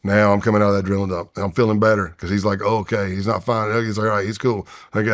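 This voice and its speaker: He races through his tense story with few pauses, his low voice staying steady. The speaker, a man in his fifties, is a retired FBI undercover agent on a podcast, storytelling in a long-form interview and acting out his past voice and whispers.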